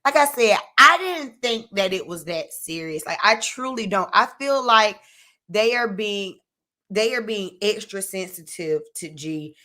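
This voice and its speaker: Bright-voiced chatty woman recapping TV. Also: medium pitch, lively intonation, measured pace. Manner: chatty, addresses viewers directly, frequent "like" and "you know what I'm saying". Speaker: reality TV recap host. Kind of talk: casual live-stream episode recap.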